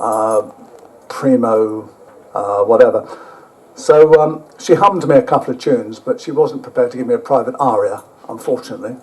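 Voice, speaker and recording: An older man giving a rambling travel talk with slides, halting often and dropping blunt, sweary asides. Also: mid-range voice, darkish tone, rough recording. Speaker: guest speaker.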